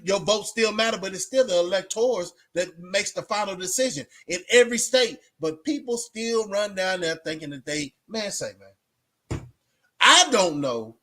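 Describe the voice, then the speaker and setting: A man from Texas with a fairly high-pitched voice talks straight to his viewers on a livestream. He rambles in a loose, unscripted way, leaning on streetwise slang, fillers and restarts. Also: a bit bright. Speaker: livestream host. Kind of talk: casual rambling monologue to viewers.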